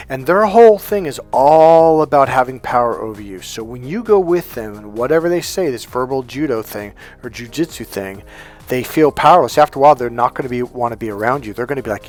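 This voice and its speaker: A man's voice: medium pitch, lively intonation, brisk, a little mellow, soft background music. A man coaching viewers in a casual monologue, acting out quoted dialogue as he tells stories. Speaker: life coach.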